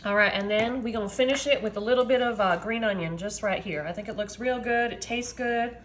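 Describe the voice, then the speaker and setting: A high-pitched woman talks her viewers through a family dinner in her home kitchen. She is upbeat and chatty, warmly calling them y'all. Faint room noise hums underneath. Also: a little fast. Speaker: home cook, mother. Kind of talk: casual cooking video chat.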